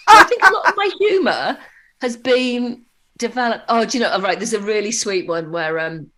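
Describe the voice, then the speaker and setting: A woman guest on an interview podcast, telling lively anecdotes with many fillers and restarts. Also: a little high, normal speed. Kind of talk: conversational interview storytelling.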